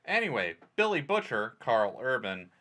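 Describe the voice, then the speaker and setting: A man's voice: mid-range voice, very animated, moderate pace, pushed and bright. A man co-hosting a podcast in casual chat, recapping plot in a rambling way with many fillers. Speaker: podcast co-host.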